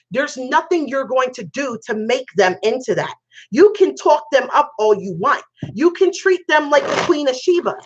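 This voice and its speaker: A woman's voice: fairly high pitch, fairly bright tone. Blunt, profane woman giving tarot advice. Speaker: tarot reader. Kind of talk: casual tarot reading monologue. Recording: dull lo-fi sound.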